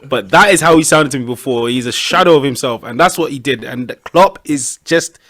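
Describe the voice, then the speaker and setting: A young man, chatting casually as a podcast co-host, animated and full of slang. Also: medium pitch, a little fast. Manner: animated, slangy banter with laughs. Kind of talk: casual chat.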